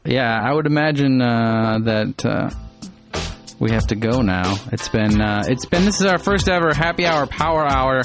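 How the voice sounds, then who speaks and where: A man's voice: mid-range voice, expressive, normal speed, over music. A man hosting a casual chat show, rambling and joking with many fillers. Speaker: radio show host.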